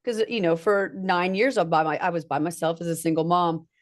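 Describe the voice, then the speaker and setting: A woman's voice: on the low side, brisk. A woman hosting a podcast, chatting casually and sharing personal stories. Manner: chatty, shares personal anecdotes. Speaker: podcast host.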